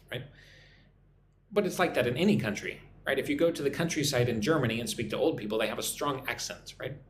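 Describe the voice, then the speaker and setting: A man from Texas, USA, with a mild Texan accent and a mid-range voice teaches English on a live stream, chattily reading viewer comments aloud. The audio is reverberant with a little hiss or hum.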